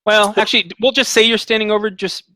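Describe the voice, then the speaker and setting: Halting dungeon master man, dry sound. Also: sits high, fairly even intonation, pushed and bright, no echo. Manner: loose and halting, with many fillers. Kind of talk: narrating a tabletop game.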